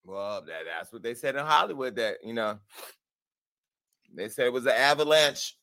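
Gossip host, man, bright forceful voice, sassy and profane, dry close sound. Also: medium pitch, normal speed, no echo. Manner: sassy, profane, animated, laughs at himself. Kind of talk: brash gossip commentary.

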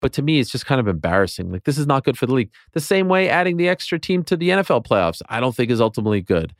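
A man's voice: medium pitch, sing-song, rapid-fire, no room sound, studio quality. Passionate man in his late 30s. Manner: passionate, rants with rising intensity. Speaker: guest. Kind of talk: casual sports chat.

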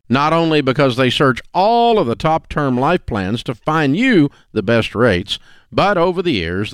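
Male ad reader, smooth resonant voice, lively emphatic read. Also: medium pitch, no echo, studio quality. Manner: emphatic, persuasive. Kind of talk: read commercial. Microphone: studio mic.

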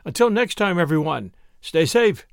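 A man narrates a classic short story in a measured, scripted way. His voice sits high and moves freely across its range. The recording is dry and close. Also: animated, creaky, no echo. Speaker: podcast narrator.

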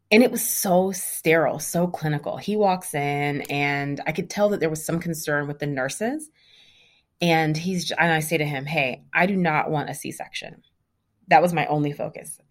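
A woman in her thirties candidly retelling a personal story in a lively, conversational way. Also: low-pitched.

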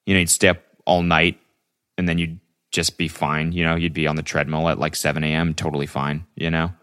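Male podcast host with a very low voice, casual and rambling, swears freely. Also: level tone, a little fast, fairly bright tone, clean tone. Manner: rambling, profane, lots of fillers. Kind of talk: casual solo podcast monologue.

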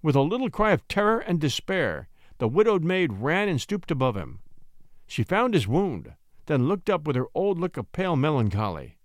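A man narrating a classic short story in an expressive, theatrical reading. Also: on the high side, moderate pace, no room sound, studio quality. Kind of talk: dramatic audiobook reading.

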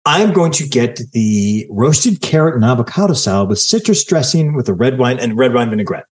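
A man hosting a podcast in casual chat, teasing and deadpan sarcastic. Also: mid-range voice, moderate pace. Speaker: podcast host.

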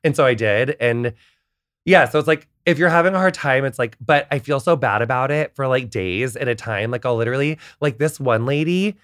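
American guy talking fast, rambly, loads of "like", dry room. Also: mid-range voice, clear, resonant tone, no echo. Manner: rambling, full of "like", animated storytelling. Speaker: podcast guest. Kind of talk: casual chat.

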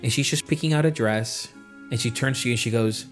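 A man running a tabletop game, narrating with slow, dramatic emphasis in a mid-pitched voice. Light music plays faintly underneath. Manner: slow, dramatic scene-setting. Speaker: game master.

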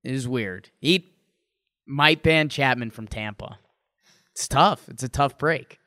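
A man's voice: medium pitch, slow, pushed and bright, dry recording. A young man co-hosting a podcast, chatting casually about a baseball game with playful emphasis. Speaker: podcast co-host. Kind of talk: casual sports chat.

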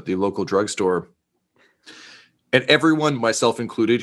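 A man's voice: fairly low pitch, fairly bright tone. A man narrating a tabletop game as game master, in a rambling, wry way with many fillers.

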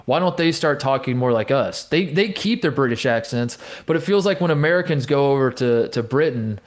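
A man's voice: mid-range voice, lively intonation, a little fast. A young man from Indiana co-hosting a podcast, chatting casually and rambling with lots of restarts. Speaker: podcast co-host. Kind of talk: casual chat.

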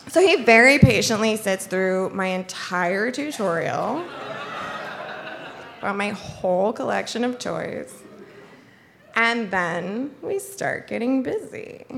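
Bright-voiced young woman telling a story. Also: medium pitch, gravelly, slight background noise. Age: young adult. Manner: chatty, peppered with "like", laughing through the story. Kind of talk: comic personal storytelling to an audience.

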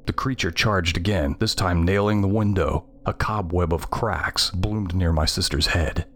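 A man reading a scripted first-person horror story in a measured, tense way. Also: sits low, fairly bright tone, slight background noise. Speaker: narrator.

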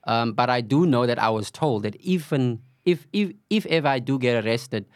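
A middle-aged South African man from the Cape Flats appears as a podcast guest, candidly recounting a story with acted-out dialogue and plenty of "you know." His smooth mid-range voice has lively intonation and a moderate pace, captured in studio quality without room sound.

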